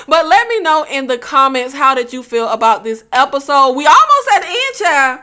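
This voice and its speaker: A woman with a high, bright voice reviews a TV episode in a loose, chatty way. She is from the Southern United States, drops slang like "y'all" and "child" into her talk, and laughs easily as she goes. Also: very animated, fairly quick, few pauses. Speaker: TV review channel host. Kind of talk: casual chat review.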